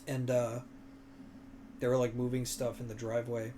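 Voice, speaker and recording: A man's voice: medium pitch, level tone, moderate pace, warm tone, slight background noise. A young man chatting casually as a stream co-host, telling long rambling stories full of fillers and crude words. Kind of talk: casual chat.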